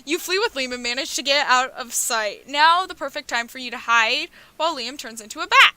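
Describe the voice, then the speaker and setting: A young woman with a high, bright voice reads a dating game aloud on stream. She slips from the game's text into joking asides, laughs and swears as she goes. Her tone stays playful and loose throughout. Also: expressive, brisk, clear, resonant tone, no echo.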